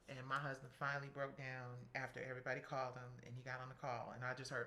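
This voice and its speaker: A middle-aged woman telling a story as an interview guest, animated and blunt, acting out what others said. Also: a bass voice, fairly quick. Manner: animated, quotes people in acted voices, swears freely.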